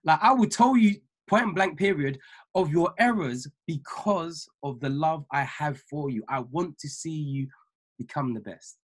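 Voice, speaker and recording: A man who is an ordained minister, giving a motivational talk on a weekly video call, preachy and emphatic, repeating key lines slowly for notes. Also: a little high, breathy edge. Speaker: ordained minister and trading mentor.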